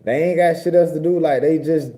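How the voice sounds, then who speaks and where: A young man from Georgia, telling a story in a casual, profane, animated way. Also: on the high side, brisk. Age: young adult. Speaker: vlogger.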